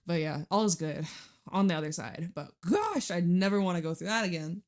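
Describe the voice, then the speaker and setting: A young adult woman talks through a tarot spread in a loose, chatty way, slipping in the odd swear word. Her voice sits a little low for a woman. She sounds recorded at home. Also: lively intonation, fairly quick, a little mellow. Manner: chatty, emotional, swears casually. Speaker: tarot reader. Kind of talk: casual tarot reading monologue.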